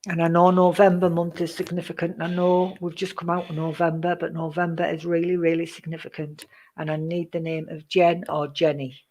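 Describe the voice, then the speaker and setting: A woman giving psychic readings on a live stream, chatty and rambling, greeting viewers by name, with many pauses and "um"s. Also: fairly low pitch, level tone, darkish tone. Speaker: psychic reader.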